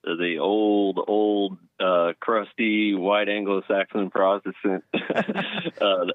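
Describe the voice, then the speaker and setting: A man from North Texas calling in to a talk show, speaking in an unhurried, hesitant way with many pauses. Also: fairly low pitch, no echo. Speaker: caller. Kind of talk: casual call-in chat. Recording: tinny phone line.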